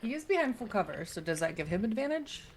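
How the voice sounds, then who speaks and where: A woman playing a tabletop game, describing her character's actions in an unhurried way. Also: medium pitch, big pitch swings, slight background noise. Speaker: player. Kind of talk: casual tabletop play.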